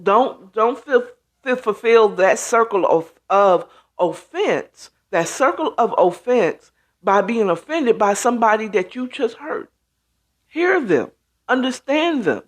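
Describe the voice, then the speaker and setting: A woman hosting a casual talk show in a slow, unhurried delivery. Her pitch sits a little high and swings widely as she stresses her points. She leans into emphasis and acts out little reactions as she goes. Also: big pitch swings. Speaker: host.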